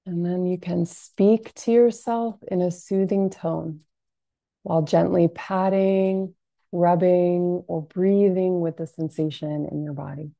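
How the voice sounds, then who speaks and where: Slow, gravelly-voiced woman guiding calmly. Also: fairly low pitch, no echo. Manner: soft, unhurried, calming delivery with frequent fillers. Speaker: compassionate inquiry practitioner. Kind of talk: gentle guided self-soothing lesson.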